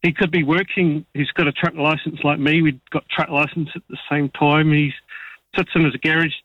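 A man, calling in to talkback radio, speaking in a halting, hesitant way. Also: a little high, fairly even intonation, dry recording. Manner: halting, hesitant, searching for words. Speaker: caller. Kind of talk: talkback call-in chat. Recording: dull phone line.

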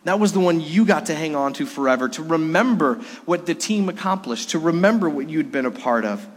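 An earnest male pastor delivers a Sunday sermon with a slightly high voice. His words ring out with long reverb through a church sanctuary, and he drops his voice low and soft for emphasis. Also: expressive. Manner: earnest preaching with dramatic pauses.

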